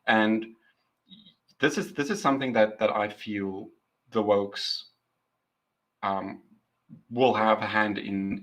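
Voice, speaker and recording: A man's voice: on the low side, a bit bright, slightly rough, poor audio. A man co-hosting a casual podcast book review, laughing often and repeating words as he starts his sentences. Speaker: podcast co-host. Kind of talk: casual chat.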